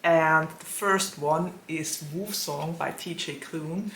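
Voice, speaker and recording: A woman hosting her own book channel, chatting casually to the camera with a sore throat that leaves her voice lower than usual, laughing often between thoughts. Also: fairly bright tone. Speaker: booktube host. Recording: echoey room.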